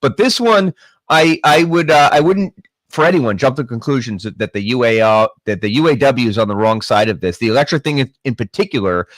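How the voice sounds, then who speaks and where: A man chatting as a guest about politics, thinking out loud with emphatic asides. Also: mid-range voice, a little fast, no room sound. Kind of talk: casual political chat.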